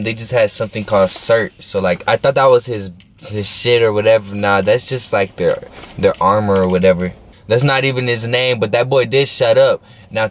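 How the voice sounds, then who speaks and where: Young man, mid-pitched voice, casual slangy storytime vlogger, rambling and laid-back. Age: young adult. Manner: slangy, rambling, keeps asking "you know what I'm saying"; laid-back, smoking while talking.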